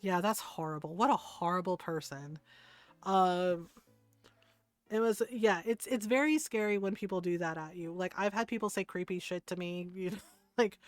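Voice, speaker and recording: A woman's voice: lowish voice, no room sound. Candid woman streamer, dry close sound. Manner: candid, animated storytelling with casual swearing. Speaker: game streamer. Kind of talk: casual chat with viewers while gaming.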